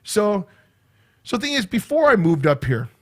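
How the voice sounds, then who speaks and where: A man's voice: sits high, sing-song, normal speed, fairly bright tone. A man hosting a casual livestream from a room in his home, rambling and chatty, tagging "right?" onto his sentences. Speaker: livestream host. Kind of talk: casual live chat.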